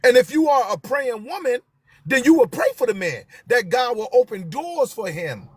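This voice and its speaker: A man's voice: extremely high pitch, expressive, normal speed, a bit bright, husky. A man, hosting a live stream and talking to viewers with passion, repeating his key phrases for emphasis.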